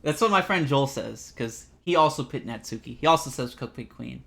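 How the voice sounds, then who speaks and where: A young man streaming a game live, rambling through animated, self-deprecating commentary and reading the game's text aloud. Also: medium pitch, fairly quick, gravelly.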